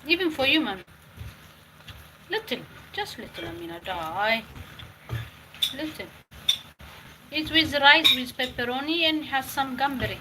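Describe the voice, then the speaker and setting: A woman chats as she cooks in a home kitchen, her voice sitting a bit high. She repeats herself and drops Italian words into her talk. Dishes and pans clatter clearly behind her. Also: background noise. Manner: talks while cooking, repeating phrases, mixing in Italian words. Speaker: home cook vlogger. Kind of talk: casual cooking vlog with advice.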